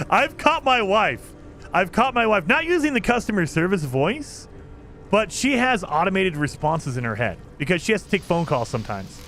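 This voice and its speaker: A man's voice: sits high, big pitch swings, normal speed, pauses often, a bit bright, soft background music. A man streaming a game live, chatting with his viewers and laughing often as he plays. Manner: chatty, laughs often, talks to chat while playing. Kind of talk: casual live-stream chat.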